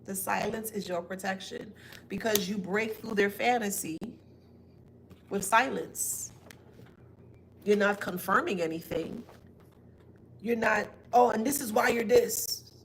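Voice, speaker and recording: A woman's voice: medium pitch, vocal fry, slight background noise. A woman giving a casual spiritual reading to her viewers, blunt and emphatic, with mocking asides.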